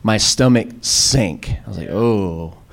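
Animated storytelling man preaching. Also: normal speed. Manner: animated, acts out quoted voices with sudden pitch jumps; storytelling with many fillers and restarts. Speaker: pastor. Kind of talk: sermon.

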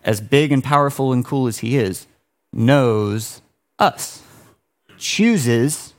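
A man preaching a sermon in a casual, animated storytelling way, often restarting his sentences. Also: medium pitch, slow pace. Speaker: pastor.

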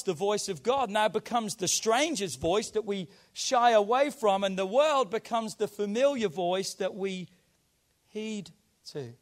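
Male pastor, high-pitched voice, conversational preaching with hushed stretches and emphatic lifts. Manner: conversational preaching, dropping to a hush then rising with emphasis. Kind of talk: sermon.

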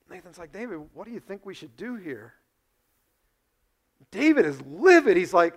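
Male pastor, somewhat high voice, dramatic storyteller who swings from hushed to loud. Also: big pitch swings, normal speed, pauses often. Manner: storytelling, acts out dialogue with big swings in loudness. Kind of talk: sermon.

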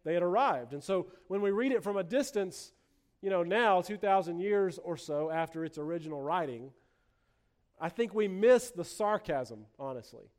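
A man's voice: high voice, lively intonation, moderate pace, darkish tone. A man preaching a sermon as a pastor, earnest, restarting phrases with repeated words and acting out sarcastic quotes.

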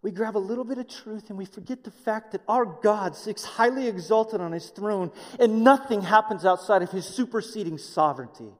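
A man preaching a sermon in an animated way, acting out the voices of others with jokey asides. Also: sits high, normal speed, few pauses, big-room sound. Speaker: pastor.

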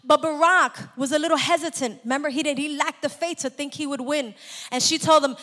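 High-voiced woman preaching in a hall. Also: steady tone, a little fast. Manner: call-and-response, rising to shouts. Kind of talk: sermon.

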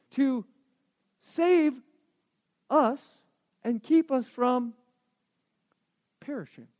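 A male pastor delivering a conversational sermon, dropping to hushed asides and rising to loud emphatic points, often repeating words as he restarts. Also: very high voice.

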